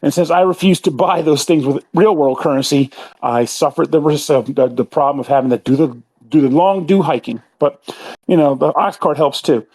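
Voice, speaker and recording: A man's voice: on the high side, a little fast, a little mellow, husky. A man co-hosting a podcast, chatting casually about a game at length with lots of fillers and a self-aware, rambling manner. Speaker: podcast co-host. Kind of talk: casual gaming chat.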